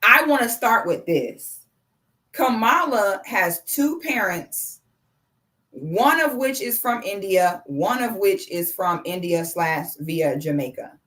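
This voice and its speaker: A woman's voice: medium pitch, lively intonation, takes it slowly, pushed and bright. A woman in her thirties hosting a casual live stream, effusive and chatty, reading out viewers' messages and thanking them by name. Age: 30s.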